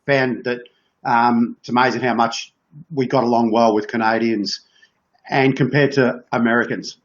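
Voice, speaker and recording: A man's voice: medium pitch, little pitch movement, normal speed, highs cut off. A man co-hosting, chipping in with chatty remarks. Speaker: co-host.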